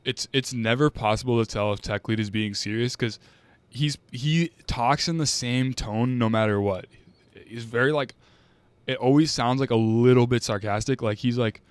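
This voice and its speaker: Rambling young man streaming, smooth voice. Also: medium pitch, normal speed, no echo. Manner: rambling, full of "like" fillers and restarts. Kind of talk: casual live-stream reaction commentary.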